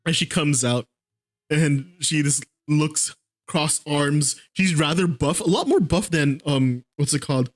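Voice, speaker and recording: A man's voice: on the high side, animated, unhurried. A man narrating as game master of a tabletop game, laughing often as he talks.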